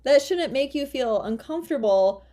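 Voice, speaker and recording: A woman's voice: high voice, lively intonation, normal speed, warm tone. A woman commenting critically, questioning the speaker's reaction.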